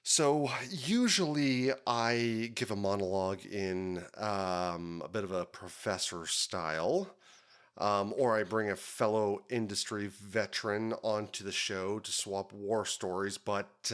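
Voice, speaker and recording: A man hosting a podcast, telling his own story in a dramatic, drawn-out hardboiled detective style. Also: lowish voice, a bit bright, clear, resonant tone, dry recording, studio quality. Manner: dramatic, drawn-out noir delivery. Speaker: podcast host.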